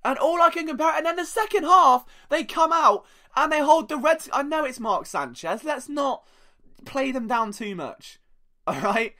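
Animated sarcastic young male podcaster. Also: extremely high pitch, normal speed. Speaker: podcast host. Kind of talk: casual sports podcast monologue.

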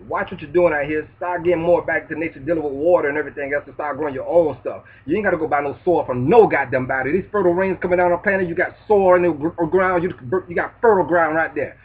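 A man ranting in a loud, preachy, profane street manner in a vlog monologue. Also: on the high side, fast talker, few pauses, a little hiss or hum. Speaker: vlogger. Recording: distant tinny phone-like sound.

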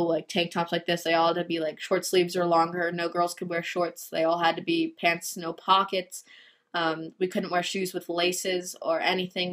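A teenage girl with a fairly low voice that stays flat and even, with little rise or fall. She tells her story in a confessional vlog, speaking haltingly and filling her pauses with "um" and "like". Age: teens. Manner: hesitant, halting, many fillers. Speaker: vlogger.

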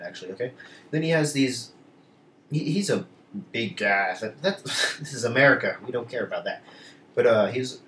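A teenage boy chatting on his vlog in a loose, rambling way, full of restarts and side remarks. His voice sits slightly low and is picked up from a distance. The room echoes around him, with faint noise underneath. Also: a bit bright. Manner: rambling, many restarts and asides. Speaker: vlogger. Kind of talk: casual storytelling vlog.

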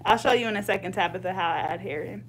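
A woman's voice: mid-range voice, fast, a little hiss or hum. A woman chatting casually with a client while braiding hair, slangy and talkative, reading viewer comments aloud. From Bay Area, California. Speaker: hair braider and channel host.

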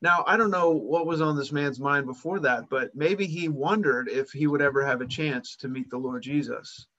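A man's voice: fairly high pitch, moderate pace, fairly bright tone. Man preaching, dull lo-fi sound. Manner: retells the story, acting out voices with rising emphasis. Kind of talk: sermon.

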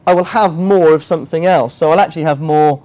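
A man's voice: fairly high pitch, fast, warm tone. A man runs a friendly teaching session. He talks casually, keeps checking whether the room agrees, and pokes fun at himself as he explains. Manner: chatty, quizzes the audience, self-mocking asides. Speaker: finance workshop trainer. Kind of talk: interactive teaching. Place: workshop room with a live audience.

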